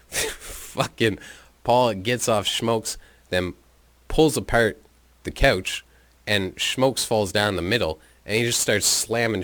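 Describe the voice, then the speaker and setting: A man's voice: low voice, a bit bright. A man telling a personal story in a rambling, profane, casual way into his own microphone, with chuckles and filler words. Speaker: podcast storyteller.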